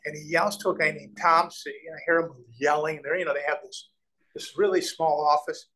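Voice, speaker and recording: A middle-aged man from Nebraska recounts his deals in a lively interview, voicing the people he quotes. His voice sits a little high, and he often restarts his sentences while the story runs. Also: a little fast, a little hiss or hum, rough recording. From Nebraska, USA. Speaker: real estate developer, guest.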